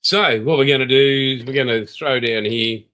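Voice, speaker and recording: Greeting viewers on his livestream, a weary older Australian rambles in a forceful, bright, mid-range voice at a normal pace. The audio quality is low.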